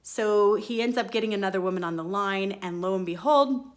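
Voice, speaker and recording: Female host, relaxed storytelling monologue, lively and expressive delivery. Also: medium pitch, fairly quick. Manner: chatty and expressive, acts out her own quoted lines. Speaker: podcast host.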